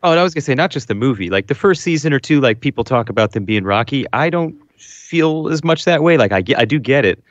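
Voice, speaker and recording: A man on a podcast, talking in an excitable casual fan's way. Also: mid-range voice, fast talker, no echo. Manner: excitable fan. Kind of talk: casual chat. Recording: dull lo-fi podcast audio.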